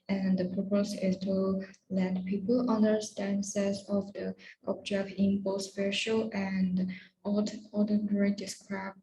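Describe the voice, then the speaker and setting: A woman's voice: mid-range voice, roomy sound, noisy background. A young woman, a student, giving a class presentation hesitantly, with restarts.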